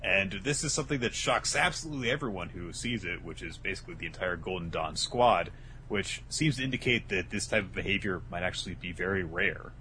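A man's voice: sits low, a little fast, sharp tone, slight background noise. A man co-hosting a casual comedic podcast, swearing freely and acting out lines in exaggerated voices. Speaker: podcast co-host.

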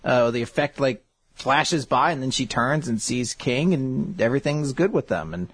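A man's voice: medium pitch, lively intonation, moderate pace, slightly rough, no room sound. A man hosting a casual, rambling recap of a comic, often laughing and swearing. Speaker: host.

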